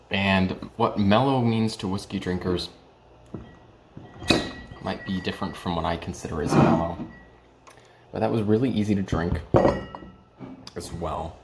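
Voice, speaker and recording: Young man, deep voice, gravelly, hesitant, casual home vlog, camera mic. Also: heavy background noise. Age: young adult. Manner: hesitant, lots of ums and restarts. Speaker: vlogger reviewing whiskey.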